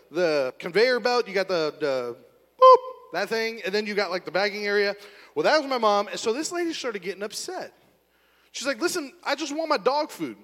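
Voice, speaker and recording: A man with a high voice preaches to a congregation, telling a story with animated, acted-out energy. His voice rings with the long reverb of a large church hall. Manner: animated storyteller, acting out scenes with a volunteer. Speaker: pastor. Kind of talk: sermon with storytelling. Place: church auditorium.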